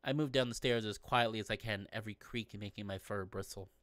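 A man's voice: fairly low pitch, fairly quick, a bit bright, no room sound. A man reading a visual novel aloud in first person as a let's play narrator, playful and given to joking asides. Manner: playful, breaks off to joke with viewers.

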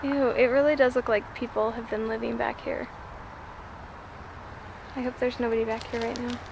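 Chatty high-voiced mom outdoors. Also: female voice, normal speed, vocal fry, background noise. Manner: chatty, excitable, drops to whispers. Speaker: mother and vlogger. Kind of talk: casual family vlog chat. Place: outdoors near a freeway.

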